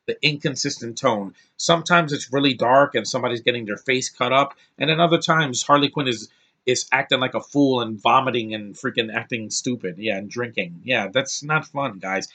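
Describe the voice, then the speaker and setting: A man's voice: medium pitch, moderate pace, bright, forceful tone. A man casually reviewing films off the cuff, rambling with restarts and blunt opinions. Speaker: film reviewer.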